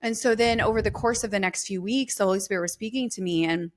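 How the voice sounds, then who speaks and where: A woman guest, a therapist, telling an emotional personal story in an earnest, emphatic and animated way. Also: medium pitch, quick pace.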